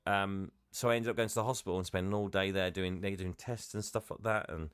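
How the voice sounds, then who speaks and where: A man's voice: deep voice, fairly even intonation, fast, clean tone, dry recording, clean studio sound. A man co-hosting a podcast, talking casually and hesitantly, often laughing. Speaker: podcast co-host. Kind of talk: casual chat.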